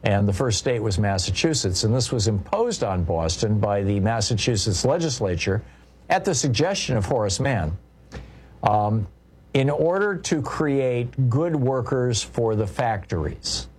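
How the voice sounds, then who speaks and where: A man's voice: medium pitch, expressive, a little slow, a little mellow, slightly rough. A man hosting a talk radio show, delivering a discursive monologue from a radio studio with many fillers and restarts.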